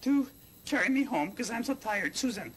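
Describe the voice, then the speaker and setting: A man's voice: extremely high pitch, expressive, normal speed, noisy background. A man voicing an eager, fussy blue male monster in a children's TV puppet show. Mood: tired, excited.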